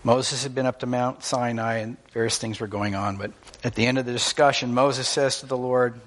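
A man's voice: mid-range voice, steady tone, normal speed. A man preaching a sermon in an earnest, emphatic way, teaching through stories and illustrations.

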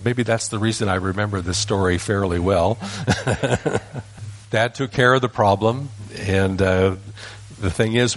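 Low-voiced older storytelling grandfather. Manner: folksy, unhurried, with small restarts. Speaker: grandfather telling a family story. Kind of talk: personal storytelling.

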